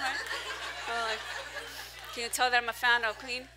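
A woman pastor preaching a sermon in a church, animated and self-mocking, swinging between loud and soft. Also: fairly high pitch, fairly quick. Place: church hall, preaching to a small crowd.

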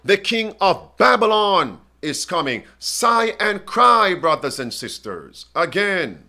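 A man preaching a sermon, reading scripture aloud and asking his listeners questions with slow emphasis. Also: high-pitched, very animated, bright, forceful tone.

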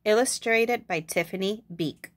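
A woman's voice: mid-range voice, unhurried. A young woman reading a picture book aloud expressively, adding asides to her listeners. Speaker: storyteller.

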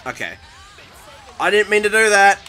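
A man commentates his own match in a bright, sharp, very lively voice that jumps high and low. He is excitable, full of alarmed exclamations and self-mocking asides. Game music plays faintly underneath. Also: normal speed. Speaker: gaming commentator. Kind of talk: live gameplay commentary.

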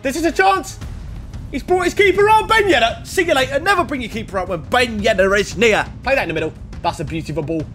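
A young man giving excitable commentary on his own football video game match, shouting at big plays. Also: very high-pitched, quick pace, faint music behind. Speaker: gaming YouTuber. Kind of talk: gameplay commentary.

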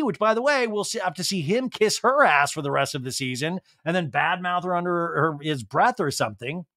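A man's voice: sits high, lively intonation, a little fast, hardly any pauses, sharp tone, dry recording, studio quality. A man hosting a podcast, giving a comedic reality TV recap full of jokey asides. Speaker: podcast host.

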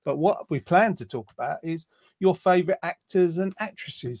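A man's voice: fairly high pitch, moderate pace, darkish tone, no room sound. A man hosting a casual online quiz show, reading out viewer comments in a jokey, rambling way. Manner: jokey, rambling, lots of ums. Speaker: host.

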